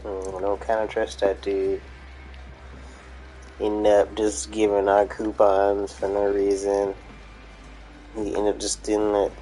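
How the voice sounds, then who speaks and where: A man's voice: on the low side, completely flat delivery, takes it slowly, pauses often, mellow, poor audio. A tired man giving casual, mumbling commentary while playing a game, with wry asides. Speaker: game streamer.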